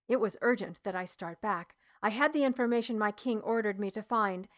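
A woman narrating a first-person historical novel in an even, measured storytelling voice. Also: mid-range voice. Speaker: audiobook narrator.

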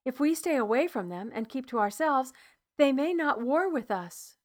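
A woman's voice: high-pitched, animated, normal speed, voice pushed up. A woman voicing a timid clan member who hopes to avoid war. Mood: hopeful. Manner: hesitant, hopeful.

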